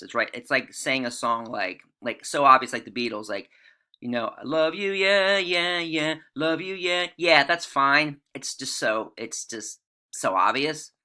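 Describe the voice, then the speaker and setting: A man's voice: medium pitch, pushed and bright. A middle-aged man teaching literature, talking casually and reading passages aloud, often checking in with his listeners. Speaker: English teacher. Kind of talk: literature lecture.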